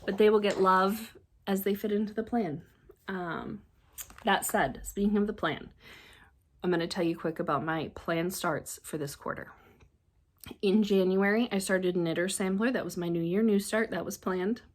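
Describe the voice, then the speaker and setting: A woman chatting casually as a crafting vlogger, excitable and rambling, often trailing off and restarting. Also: medium pitch, normal speed. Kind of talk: casual show-and-tell chat.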